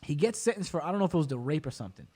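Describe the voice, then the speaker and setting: A man hosting a podcast, recapping a documentary in rapid, profane, animated casual chat. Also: fairly high pitch, slightly rough. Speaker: podcast host.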